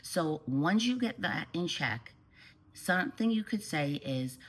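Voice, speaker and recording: A woman parent coach giving calm, steady advice straight to the camera. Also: deep voice, a little slow, low-quality recording.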